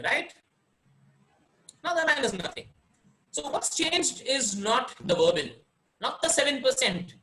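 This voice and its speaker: Man from India, webinar coach, high bright voice, expressive pauses. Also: poor audio. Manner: expressive, varies pauses and emphasis for effect. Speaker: webinar speaker, success coach. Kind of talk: online presentation training.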